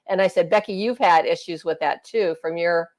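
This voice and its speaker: A woman's voice: fairly low pitch, normal speed, a little mellow. Chatty woman reading out viewer comments. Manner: chatty, reads out viewer comments, laughs often. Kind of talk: casual live-stream chat.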